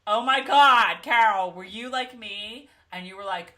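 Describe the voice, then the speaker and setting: A woman's voice: medium pitch, a little slow, pushed and bright. A woman co-hosting a casual TV recap chat, telling the story with lots of energy and acting out the characters' lines. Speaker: podcast co-host.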